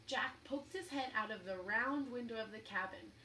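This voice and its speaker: A woman teacher reading a children's book aloud at story time, expressive and encouraging. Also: fairly high pitch, moderate pace, far from the mic, slight background noise, low-quality recording.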